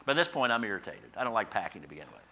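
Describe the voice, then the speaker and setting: A middle-aged man preaching a sermon in a conversational, storytelling way, acting out quoted thoughts in a higher voice. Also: sing-song, very fast, pushed and bright. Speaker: pastor.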